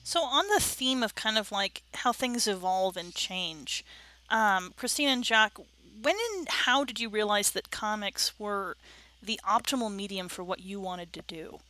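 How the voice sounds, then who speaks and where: A woman with a bright, mid-pitched voice moderates a casual panel. She asks open questions in an easygoing way. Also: unhurried, low-quality recording.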